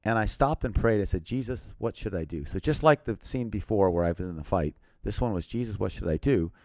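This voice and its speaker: A man earnestly telling a personal story as an interview guest, often dropping to a quiet, grave tone. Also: lowish voice, expressive, fairly quick, no echo, studio quality.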